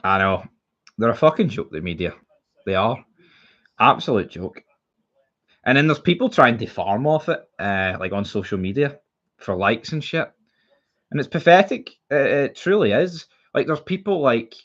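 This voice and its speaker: A man's voice: medium pitch, sing-song, moderate pace, a bit bright, dull audio. A young Scottish man streaming about football, talking bluntly and heatedly, swearing freely and repeating himself as he rants. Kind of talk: casual live-stream chat.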